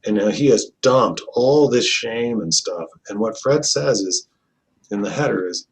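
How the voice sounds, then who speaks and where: A middle-aged man, a family therapist and trainer, telling stories in an earnest, reflective way and often softening his voice. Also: unhurried. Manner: earnest, reflective, often drops to a soft low voice. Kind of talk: conversational storytelling.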